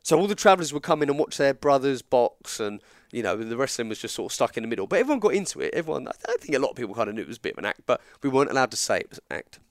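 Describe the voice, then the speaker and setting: A man's voice: mid-range voice, very fast, few pauses, no echo, clean studio sound. An English man telling a long story in casual chat, acting out the lines of the people in it. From England. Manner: animated, acts out dialogue in quotes. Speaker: guest storyteller.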